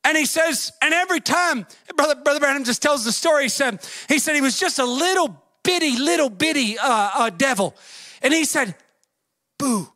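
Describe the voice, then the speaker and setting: A man preaching a fervent sermon, swinging between shouts and a singsong cadence and acting out the voices in his stories. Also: extremely high pitch, lively intonation, brisk, dry recording. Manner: acts out story voices, folksy grammar.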